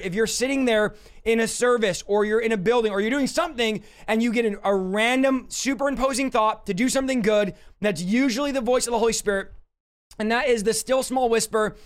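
High-voiced man preaching emphatically. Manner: emphatic, direct, addresses listeners as "you guys". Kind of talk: preaching a sermon.

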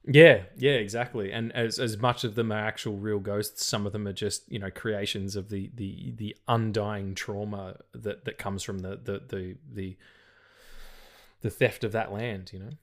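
A man's voice: lowish voice, steady tone, moderate pace. A man co-hosting a casual film podcast, rambling with lots of restarts, stutters and swearing. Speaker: podcast co-host.

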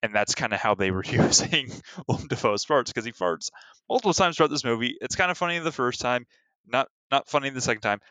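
A man's voice: medium pitch, animated, fast, bright, forceful tone, no room sound, low-quality recording. A man in casual podcast chat about a film, rambling with lots of filler words and frequent laughs.

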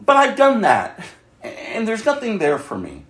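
A man preaches with a high voice that swoops up and down. He moves between loud calls and hushed, near-whispered asides. The sound rings in a reverberant room. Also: huge pitch swings, a little slow. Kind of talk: sermon.

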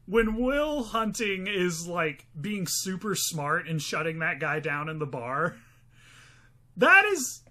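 High-voiced, sarcastic man in casual chat. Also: measured pace, hardly any pauses, sharp tone. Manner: sarcastic, laughs often. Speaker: podcast co-host.

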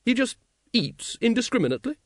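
A male narrator putting on a big-hearted aristocratic dragon breeder, flustered and awkward, voiced high and lively. She speaks in a hearty rush for an audiobook. The sound is close and dry. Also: a little fast, no room sound. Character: gruff, aristocratic large woman, dragon breeder.

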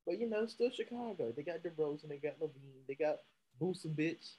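A man's voice: a little high, expressive, fast, mellow, a little hiss or hum, rough recording. A man co-hosting a sports talk show, chatting casually and laughing easily, at times stumbling over names. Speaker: podcast co-host.

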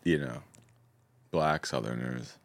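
A man co-hosting a podcast in casual chat, teasing his friend in a dry, deadpan way. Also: a bass voice, takes it slowly, gravelly. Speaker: podcast co-host.

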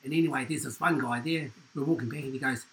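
A man's voice: mid-range voice, fast talker, slight background noise, low-quality recording. A man telling funny stories in casual chat, laughing often and tagging his lines with "eh?". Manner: lively yarn-spinning, laughs often, tags lines with "eh?". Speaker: guest storyteller.

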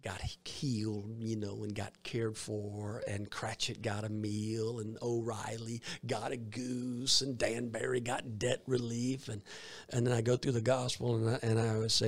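A Southern US man with a low-pitched voice, a minister recounting his stage ministry for an interviewer. He rambles, circling back and restarting phrases as he goes. His tone stays conversational and easy. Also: little pitch movement, a little slow. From Georgia, US. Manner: rambling, with many fillers and restarts. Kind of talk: storytelling in an interview.

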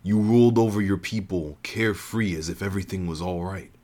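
A contemptuous male villain from a spoken story, passing judgment in a cold, accusing tone, as a man puts him on. His voice sits a little low and turns sharp with scorn. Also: a little fast. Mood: accusing, angry.

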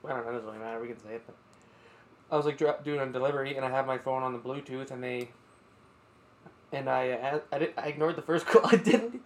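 Quick-talking podcast buddy. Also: male voice, mid-range voice, steady tone. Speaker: podcast co-host. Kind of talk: casual chat.

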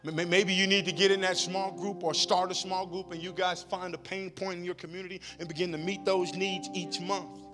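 Pastor guy preaching, kinda high voice, big echoey hall w music playing under. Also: level tone, a little fast, hardly any pauses. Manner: rhythmic, repetitive preaching that builds in emphasis. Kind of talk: sermon. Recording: long hall reverb with music behind.

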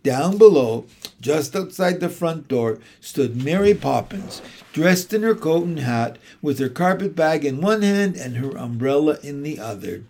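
Expressive male storybook narrator. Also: on the high side, a little slow, creaky. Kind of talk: audiobook reading of a children's classic.

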